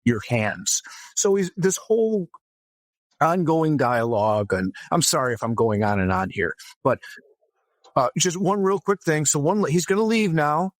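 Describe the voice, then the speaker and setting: A man with a fairly high voice tells a story as an interview guest, lively and casual. He often restarts his sentences as he goes. The recording is dry and close. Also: normal speed, no echo. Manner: animated anecdote-telling with frequent restarts. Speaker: guest author.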